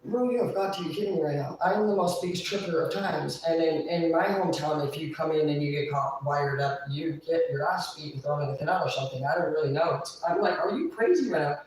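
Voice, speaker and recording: Her voice is low-pitched with a darkish tone, recorded far from the mic in an echoey room with a little hiss or hum. She's livestreaming a long, profane rant, slightly tipsy, venting in a fast, agitated storytelling rush.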